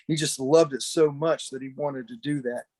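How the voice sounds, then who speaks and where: A man with a slightly mellow voice on the high side, fairly even intonation, and normal speed shares casual memorial reminiscences. He used to wrestle professionally and, as a podcast guest over a video call, tells stories in a chatty, rambling way with many restarts and "you know"s.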